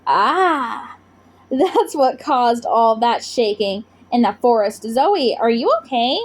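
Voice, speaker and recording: A woman voicing a friendly male forest monster who talks calmly and cheerfully in a storybook read-aloud. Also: fairly high pitch, takes it slowly. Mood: friendly, amused. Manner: calm, cooing and amused.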